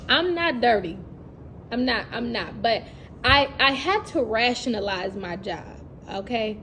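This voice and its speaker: A young woman, a teacher talking in a casual vlog, animated and chatty, laughing often and acting out classroom moments. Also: mid-range voice, a little hiss or hum. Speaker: teacher and vlogger.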